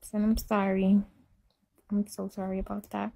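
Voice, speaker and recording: A woman's voice: medium pitch, completely flat delivery, moderate pace, gravelly, mellow, breathy edge. Woman rambling in casual livestream talk. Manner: rambling, self-deprecating, repetitive.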